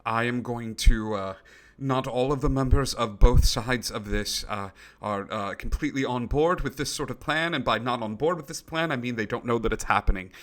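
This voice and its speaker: A man running a tabletop game as game master, narrating in a halting way with many pauses. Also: medium pitch, a bit bright.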